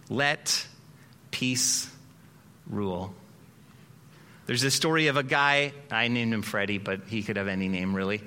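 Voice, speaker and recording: A male pastor preaching a sermon in an animated, conversational way with dramatic pauses. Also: on the low side, smooth.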